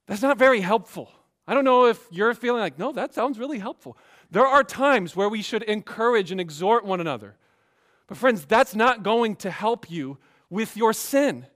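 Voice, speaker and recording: A man preaching a sermon as pastor, emphatic, swinging between quiet asides and raised exhortation. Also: high voice.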